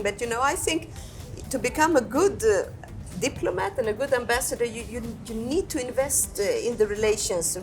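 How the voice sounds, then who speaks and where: A woman ambassador, answering interview questions in a reflective, unhurried way and often repeating her words. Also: fairly high pitch, slight background noise. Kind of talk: candid conversational interview answers.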